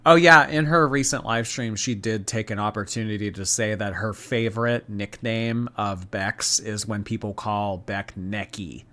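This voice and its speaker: A man's voice: fairly low pitch, steady tone, measured pace, hardly any pauses, bright, forceful tone. Chatty man reading stream chats. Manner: chatty, rambling, reads viewer messages aloud. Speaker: commentary streamer. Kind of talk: live stream commentary.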